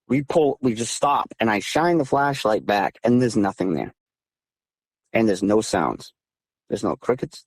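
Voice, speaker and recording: Over the phone, a southeastern Massachusetts man in his thirties tells his story as an interview guest, emphatic and animated, his voice climbing when things get heated. The audio is dry and close, and his ordinary mid-range voice is slightly rough.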